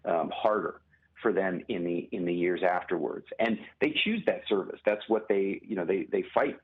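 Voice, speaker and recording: A man, a journalist and author, speaking as a guest in a phone interview, measured and halting, with many pauses and restarts. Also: sits low, breathy edge. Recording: tinny phone line.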